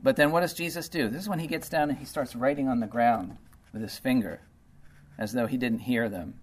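A man's voice: mid-range voice, fairly quick, husky. A man preaching a sermon in a conversational way, reading scripture and explaining it with lots of "okay" and "you know".

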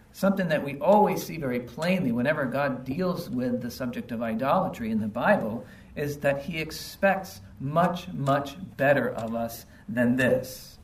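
A man preaching with biting sarcasm, his voice sitting a little high for a man. He sounds set back from the mic in a roomy, echoing space. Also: distant mic. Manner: emphatic, sarcastic, acts out biblical taunts. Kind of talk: sermon.

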